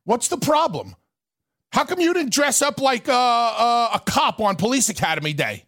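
A man's voice: extremely high pitch, big pitch swings, moderate pace, a bit bright, no echo, clean studio sound. A male radio co-host in bantering talk, earnestly and playfully defending his fandom.

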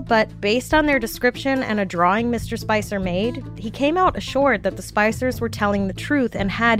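A woman's voice: a little high, a bit bright. A woman hosting a podcast, narrating a scripted story with wry, jokey asides. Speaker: podcast host.

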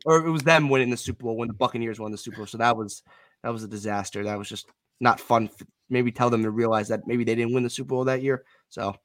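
A man's voice: medium pitch, dry recording. A young man who is a guest on a casual sports podcast, telling stories hesitantly and rambling. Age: young adult.

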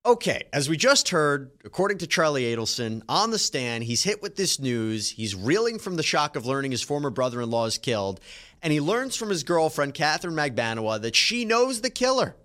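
A man's voice: a little high, big pitch swings, fairly quick, a bit bright. A man hosting legal news, explaining trial testimony emphatically. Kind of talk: trial analysis commentary.

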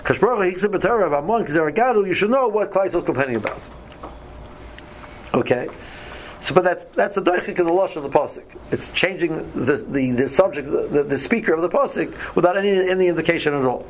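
Guy teaching torah class, kinda high voice, keeps repeating words, light hiss in the back. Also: fast talker, poor audio. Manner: many repeated words and restarts, reads Hebrew verses then explains in English. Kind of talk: casual Torah study class.

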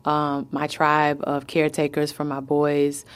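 A woman's voice: low-pitched, monotone, unhurried, clean tone. A woman guest in an interview, chatting casually and telling family stories, laughing often and acting out what others said. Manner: laughs often, tells stories with quoted voices.

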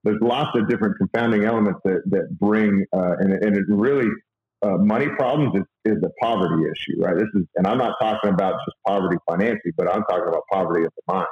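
Earnest man, halting speech, roomy lo-fi sound. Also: deep voice. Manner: halting, many fillers and restarts, earnest. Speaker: guest sharing faith and money advice. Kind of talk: casual conversational talk.

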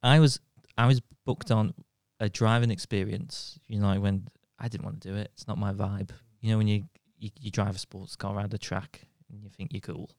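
A man's voice: fairly low pitch, a little fast, few pauses, no room sound, studio quality. A man, co-hosting a casual comedy podcast and telling stories while laughing between lines. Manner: animated storyteller who keeps laughing mid-sentence. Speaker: podcast co-host.

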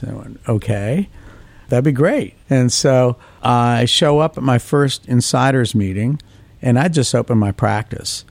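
A man of ordinary pitch recounting his career in a podcast interview. He tells stories with animation and mimics the people in them. The recording is close and dry. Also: moderate pace, creaky, no room sound. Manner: animated anecdotes, acts out quoted voices. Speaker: orthodontist guest.

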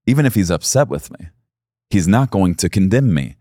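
A man's voice: low voice, big pitch swings, moderate pace, mellow, dry recording, clean studio sound. A middle-aged male pastor preaching a sermon in an earnest, intimate way that swells to emphatic peaks.

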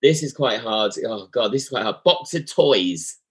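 A male podcast host, quizzing his guest in a playful, laughing way. His voice is husky and breathy, and his pitch swings about a lot. The talk is loose and easygoing. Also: expressive, moderate pace. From England. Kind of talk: casual interview chat.

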